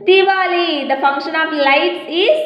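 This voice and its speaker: A woman's voice: very high voice, a little slow, dull audio. A woman teacher, giving a lesson to young children, repeating each question and spelling the answers letter by letter. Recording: echoey room with long reverb.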